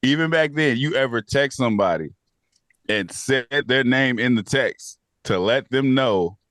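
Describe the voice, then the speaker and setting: A man's voice: medium pitch, lively intonation, a little slow, a bit bright, dry recording, studio quality. A man co-hosting a review podcast, talking in a casual, incredulous way, swearing and laughing often. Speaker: podcast co-host.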